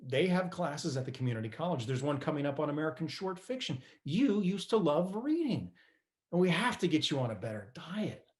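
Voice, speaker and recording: A man's voice: a little high, sing-song, a little fast, a little mellow. A middle-aged actor playing a divorced son who tells a wry, patient story about caring for his mother on stage. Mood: coaxing. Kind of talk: stage monologue.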